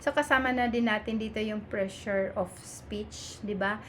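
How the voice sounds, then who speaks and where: A woman's voice: medium pitch, steady tone, a bit bright, a little hiss or hum. A woman with a Filipino accent giving a nursing lecture, mixing English and Tagalog and often asking "di ba?". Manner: switches between English and Tagalog, fills pauses with "Ayan" and "di ba?". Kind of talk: online lecture.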